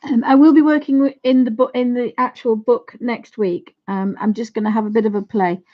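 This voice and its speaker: A woman's voice: fairly high pitch, steady tone, fairly quick, highs cut off. A woman teaching watercolour on a casual live stream, chatting and thinking aloud to her viewers as she paints. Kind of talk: casual live craft demonstration.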